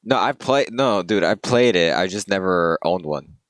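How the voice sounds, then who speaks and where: Here the young podcast co-host has a deep, animated voice and talks at normal speed. He jokes around in casual conversation, rambles, and his sentences frequently fade out quietly.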